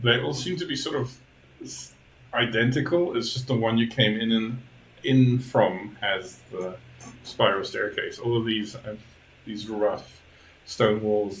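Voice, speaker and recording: A man narrating a tabletop game as game master, hesitant with many pauses and restarts. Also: fairly low pitch, echoey room, slight background noise, poor audio. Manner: hesitant, lots of ums and restarts.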